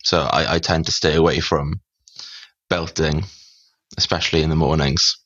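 A man co-hosting a podcast and being interviewed, chatting casually with dry, deadpan jokes. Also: very deep voice, moderate pace, dull audio, noisy background. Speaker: podcast co-host, interview guest. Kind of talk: casual chat.

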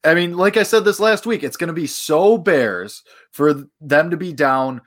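A man's voice: on the high side, moderate pace, a bit bright. Man chatting sarcastically about football. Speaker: sports podcast co-host. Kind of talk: casual sports talk.

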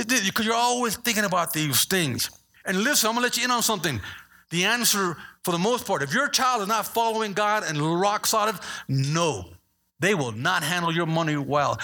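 A middle-aged male pastor preaching a sermon, acting out voices and asking the congregation questions. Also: sits high. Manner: animated, acts out voices, asks the congregation questions.

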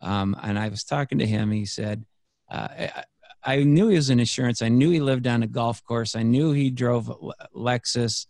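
A man's voice: medium pitch, moderate pace, vocal fry, darkish tone, no echo, studio quality. A man, a podcast guest, telling a personal story in a rambling, earnest way, full of fillers and restarts. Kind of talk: casual storytelling conversation.

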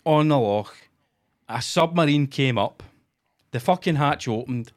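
A man's voice: medium pitch, expressive, unhurried. A Scottish man co-hosting a casual, sweary podcast chat and telling mocking stories. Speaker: podcast co-host.

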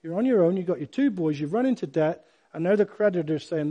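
Casting: middle-aged male preacher, light high voice, emphatic bursts. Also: a little fast. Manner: emphatic, animated preaching with sudden loud bursts. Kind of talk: sermon.

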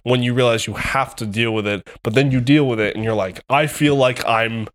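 A man co-hosting a podcast, deep into an excitable, profane retelling of a game. He speaks at a middling pitch and keeps the chat casual. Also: brisk. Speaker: podcast co-host.

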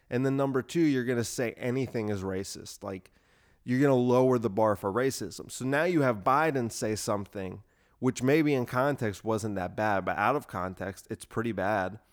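Young male host ranting sarcastically on his own show, swearing freely, filler-heavy, mid-range voice. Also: mid-range voice. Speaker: podcast host. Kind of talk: solo rant.

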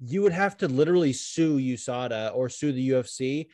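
A man co-hosting a podcast, speaking at a mid pitch. His delivery is loose and chatty. The recording is dry and close. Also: lively intonation, a little fast, a little mellow, no room sound. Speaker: podcast co-host. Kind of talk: casual chat.

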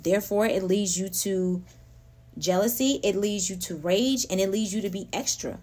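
A woman hosting a casual spiritual talk, animated and laughing often as she speaks straight to her listeners. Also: mid-range voice, moderate pace. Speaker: podcast host.

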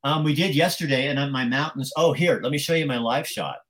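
A man's voice: mid-range voice, a little fast, fairly bright tone. A man hosting a podcast in casual chat, rambling with stammered restarts and playful teasing of his guests. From Oregon. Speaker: podcast host. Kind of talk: casual live-stream chat.

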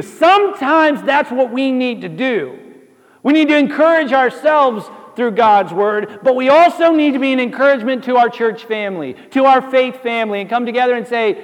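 A man preaching a sermon, animated storytelling with jokes and asides that builds to emphatic exhortation. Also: very high-pitched, moderate pace, in a large hall. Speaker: pastor.

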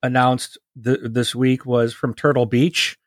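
A man co-hosting a podcast, talking casually and rambling with halting restarts. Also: mid-range voice, level tone, dry recording, clean studio sound. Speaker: podcast co-host.

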